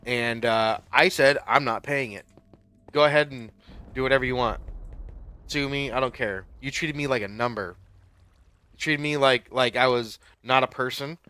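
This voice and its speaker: A man's voice: medium pitch, normal speed, pushed and bright, smooth. A young man casually telling a long personal story while playing a game, rambling with many fillers and getting worked up. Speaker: Minecraft YouTuber.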